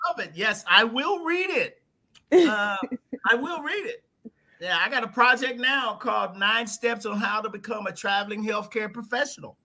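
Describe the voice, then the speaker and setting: A man guesting on a podcast, telling his story in a lively, folksy way and slipping into little voices. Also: very high-pitched, moderate pace. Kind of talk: animated storytelling in conversation.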